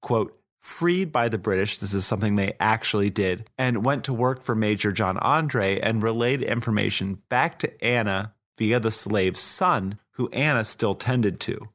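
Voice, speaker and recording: A man co-hosting a podcast, telling history in a loose, profane, chatty way. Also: medium pitch. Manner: loose, profane storytelling with fillers. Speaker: podcast co-host. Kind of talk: casual history podcast chat.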